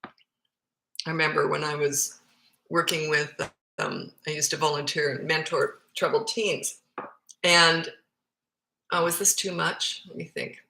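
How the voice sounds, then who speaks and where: A woman in her fifties with a Canadian accent touched by Australian vowels, talking into a phone in a room at home. Her voice sits fairly low but has a bright, forceful edge. The room sounds echoey as she chats bluntly and pokes fun at herself. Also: steady tone, unhurried, gravelly, pauses often, slight background noise. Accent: Canadian with some Australian. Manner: chatty, blunt and self-deprecating. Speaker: parenting coach. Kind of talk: casual live Q&A. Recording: roomy echoey phone recording.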